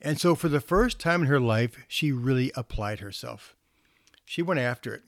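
A male counselor giving a storytelling talk to parents. He speaks in a relaxed, conversational way with small restarts. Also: medium pitch, normal speed, dry recording, clean studio sound.

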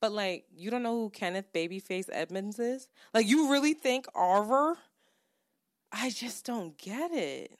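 Woman podcast co-host, casual storyteller, swearing freely, lively up-and-down delivery, dead-dry booth sound. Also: mid-range voice, measured pace, dry recording. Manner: animated, profane, builds to heated.

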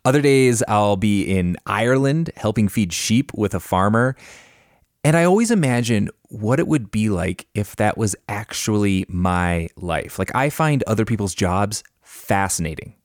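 A man's voice: lowish voice, lively intonation, a little slow, no room sound, studio quality. A man giving an enthusiastic, conversational podcast recommendation as an ad read. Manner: enthusiastic, casual. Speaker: podcast ad narrator. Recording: music bed underneath.

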